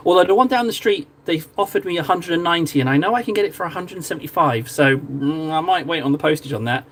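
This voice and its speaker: A man's voice: on the high side, fast, a bit bright, a little hiss or hum. A chatty, jokey man from Cornwall, talking casually to viewers while painting on a live stream. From Cornwall, England.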